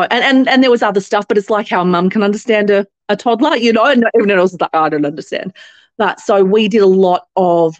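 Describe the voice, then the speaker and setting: On an interview podcast, a guest who founded a company speaks in a mid-range voice with an Australian accent. Her stories come out chatty, with lots of fillers and restarts, and she animatedly mimics others when quoting them. There's no echo.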